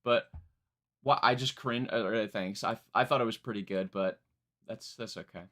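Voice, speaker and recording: A man's voice: lowish voice, moderate pace, fairly bright tone. A young man streaming a live album reaction, chatting casually in a rambling, self-mocking way.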